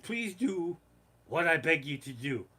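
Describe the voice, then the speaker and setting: A man's voice: on the high side, very animated, a little slow, bright, forceful tone, slightly rough, exaggerated voice. A man voicing an aggrieved immigrant undertaker who pleads in broken, simple sentences. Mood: pleading.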